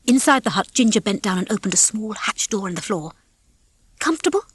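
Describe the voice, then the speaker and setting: A woman reading a children's storybook aloud as narrator, in a lively, expressive way on a close mic. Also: mid-range voice, fast talker, slightly rough. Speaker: audiobook reader. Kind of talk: scripted narration.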